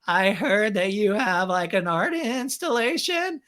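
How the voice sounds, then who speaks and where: A man putting on a slow, dreamy drawl to play a spacey young woman. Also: high voice, animated, fairly bright tone, voice pushed up.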